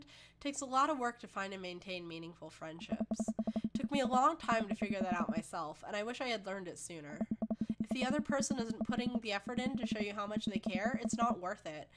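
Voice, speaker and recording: A woman's voice: fairly high pitch, lightly acted. A woman voicing a kind middle-aged father giving earnest advice with a few jokes. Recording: loud background noise.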